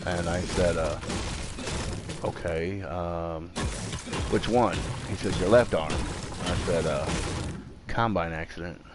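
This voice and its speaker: A man's voice: deep voice, steady tone, slow pace, long pauses, background noise. A man chatting casually while playing a game at home, rambling with many fillers and restarts. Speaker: gaming streamer. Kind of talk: casual chat while gaming. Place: home room.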